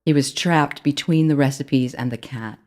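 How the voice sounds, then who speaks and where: An author reading their own children's book aloud, in clear, steady storytelling narration. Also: mid-range voice, normal speed.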